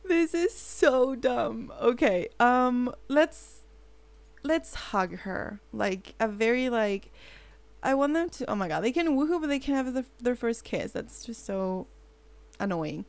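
A young woman giving excitable let's play commentary, giggling, gasping and fretting aloud while she plays. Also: on the high side, takes it slowly, no room sound. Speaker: gaming channel host.

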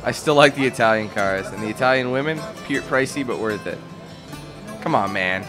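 Faint music plays behind this let's play commentator, whose mid-range voice is fairly bright and moves at normal speed. He laughs, jokes and trolls with teasing banter while gaming.

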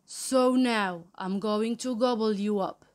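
A woman voicing a greedy, bad-tempered male troll who growls loud threats in a children's story. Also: mid-range voice, slow pace, natural voice. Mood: growling.

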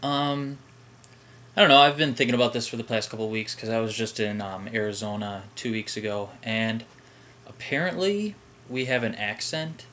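A man's voice: medium pitch, moderate pace, fairly bright tone. A young man with a Midwestern American accent, hesitant and full of ums as he chats casually to the camera at home. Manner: hesitant, lots of ums and "I don't know". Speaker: vlogger. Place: at home, in pajamas. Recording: air conditioner hum behind.

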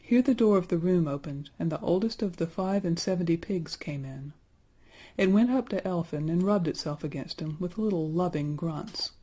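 A woman narrating a storybook aloud in a measured, even way. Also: fairly low pitch.

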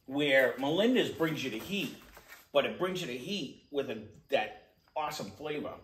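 A man's voice: mid-range voice, expressive, a bit bright, far from the mic. Man reviewing hot sauce, echoey room. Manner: halting, repeats words while searching for them. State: mouth burning from hot sauce. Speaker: food reviewer. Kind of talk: casual tasting chat.

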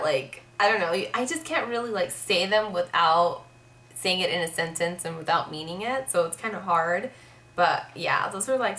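A young woman talking to camera in a loose, rambling vlog chat, her speech full of "like" and "um". Her voice is bright and forward. The sound bounces around an echoey room. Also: fairly low pitch. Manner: chatty, rambling, heavy use of "like". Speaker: vlogger.

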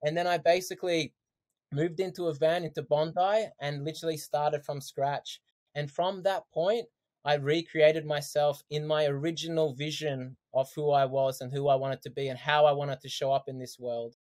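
Animated man, fairly high voice. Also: normal speed. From Australia. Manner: animated, laughs often, says "man" a lot. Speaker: podcast guest. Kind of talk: casual storytelling chat.

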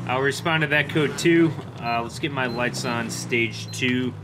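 A young gaming YouTuber plays a police officer, casually narrating his moves and radioing dispatch in police lingo while staying in character. His voice is medium-pitched and measured, with game noise clearly audible behind it.

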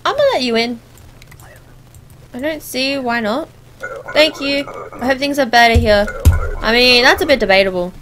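A woman doing let's play commentary, sarcastic and animated, talking back at the characters on screen. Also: on the high side, moderate pace, pauses often, faint music behind, rough recording. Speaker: gameplay commentator.

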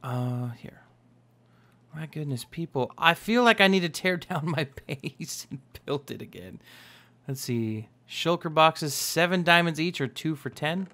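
Young male gaming host, bright chatty commentary, voice sits a little high. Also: expressive, unhurried. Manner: upbeat, chatty, exclaims often. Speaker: Minecraft let's play host. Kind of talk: casual gameplay commentary.

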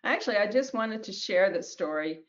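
A woman who wrote a children's book reads it aloud with gentle storybook narration and small slips, then talks about it. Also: mid-range voice, animated, normal speed, muffled recording. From New Mexico, US. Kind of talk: reading her picture book aloud.

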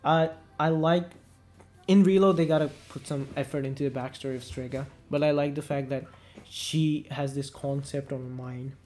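A man's voice: mid-range voice, steady tone, normal speed, a little mellow, faint music behind. A man hosting a gaming video, talking casually and enthusiastically, with lots of "like" fillers and restarts. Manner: rambling, fills speech with "like", enthusiastic.

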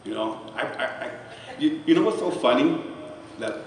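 A man's voice: medium pitch, lively intonation, normal speed, a little mellow. A middle-aged man giving a heartfelt, conversational personal testimony at a charity celebration, sometimes choking up. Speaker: guest speaker at a charity celebration. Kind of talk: emotional personal testimony speech. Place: large event hall. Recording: echoey hall, distant mic, background noise.

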